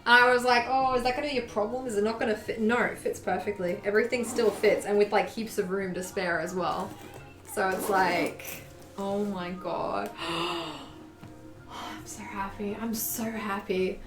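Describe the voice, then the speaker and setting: A young woman live-streams her sewing, chatting casually, gushing over a bag she just finished, and swearing offhandedly. Her medium-pitched voice is fairly even at a moderate pace, in an echoey room with faint music playing.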